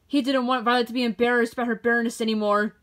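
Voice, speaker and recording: A woman with a somewhat high voice reads a children's picture book aloud. Her delivery is expressive and made for a young audience. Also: fast. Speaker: storybook reader.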